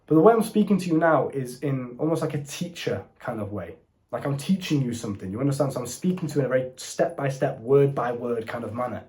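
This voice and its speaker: Seated indoors before a camera, a young dating coach talks straight to the viewer, casual and blunt, calling him bro. His mid-range voice has lively intonation, a quick pace, and a darkish tone.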